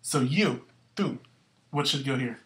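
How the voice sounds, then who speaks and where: A woman's voice: extremely low pitch, expressive, unhurried, slight background noise. A woman teaching a Spanish grammar lesson, upbeat and going through the verb endings step by step. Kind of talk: classroom-style grammar lesson.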